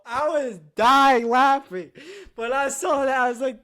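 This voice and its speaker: A woman co-hosting a podcast in casual chat, excitable and laughing as she recaps a show. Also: fairly high pitch, a little slow. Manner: excitable, laughing, lots of "bro". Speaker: podcast co-host.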